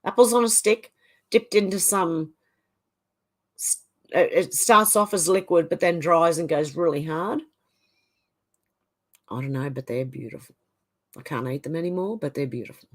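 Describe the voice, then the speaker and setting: A woman's voice: lowish voice, moderate pace, long pauses. A woman hosting a livestream, reading out viewer comments and chatting back in a casual way. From Australia. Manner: chatty, reads viewer comments aloud and reacts. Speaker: livestream host. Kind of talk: reading out live chat comments.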